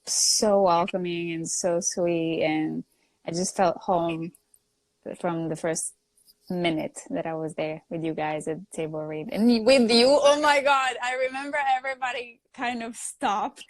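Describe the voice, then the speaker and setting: A woman with an Italian accent, a native Italian speaker, chatting as a guest, telling lively stories and laughing often. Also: on the low side, unhurried, no echo. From Italy. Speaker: guest actor. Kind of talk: casual chat. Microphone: phone on a live video stream.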